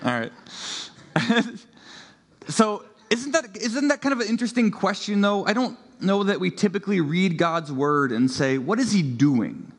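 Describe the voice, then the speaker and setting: A man's voice: high-pitched, expressive, moderate pace, in a large hall. A man in his thirties preaching a sermon as pastor, in a playful, conversational way with frequent laughs.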